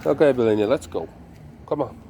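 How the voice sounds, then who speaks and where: A man's voice: medium pitch, fairly quick, mellow. A man casually narrating to viewers while walking his dog, with wry, chatty asides and some swearing. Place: city street outdoors. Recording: street traffic noise behind.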